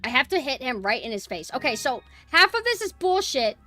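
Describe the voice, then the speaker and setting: Loud, lively young woman streamer. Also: high-pitched, fairly quick, soft background music. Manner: frustrated, swearing, yelling at the game. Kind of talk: live gameplay streaming.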